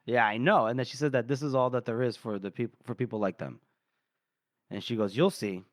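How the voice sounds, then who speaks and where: A man co-hosting a book podcast, retelling scenes in a casual, animated way and acting out the characters' lines with laughs. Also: medium pitch, fairly quick, dry recording, clean studio sound. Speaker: podcast co-host.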